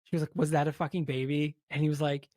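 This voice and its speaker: A man's voice: a little high, level tone, fast, a little mellow, dry recording. A man co-hosting a podcast, casually retelling a film's plot and acting out the characters' lines with lots of fillers. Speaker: podcast co-host. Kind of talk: casual film recap.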